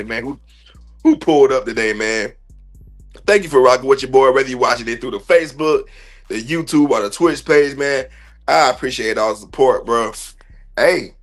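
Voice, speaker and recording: A man's voice: mid-range voice, a bit bright. A man hosting a sports podcast livestream, ranting bluntly and profanely in heavy slang. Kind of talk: heated livestream sports rant.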